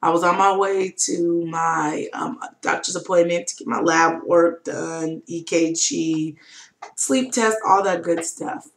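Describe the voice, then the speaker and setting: A woman's voice: lowish voice, fairly even intonation, slow pace. A young adult woman telling a personal story on her webcam vlog, candid and emotional, with lots of fillers. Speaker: vlogger. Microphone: webcam mic.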